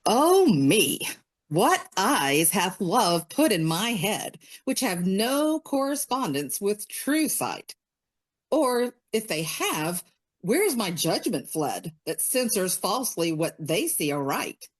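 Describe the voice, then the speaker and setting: A woman's voice: mid-range voice, big pitch swings, slow. A woman from North Carolina reads a sonnet with dramatic, emotive delivery. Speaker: sonnet reader. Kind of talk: dramatic poetry reading.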